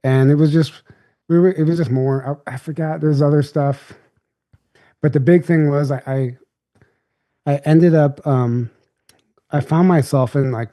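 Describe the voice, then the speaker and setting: A young man talks as a podcast guest, telling his story in a loose, casual ramble. His voice sits at an ordinary middle pitch with a soft, mellow, warm tone. The delivery is relaxed and unscripted.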